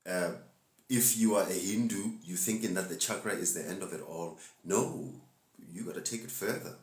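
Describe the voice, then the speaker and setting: A man's voice: sits low, moderate pace, roomy sound. Laid-back man preaching casually. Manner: laid-back, preachy, laughs often, slangy asides. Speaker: spiritual teacher hosting a live stream. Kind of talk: casual live-stream talk to viewers.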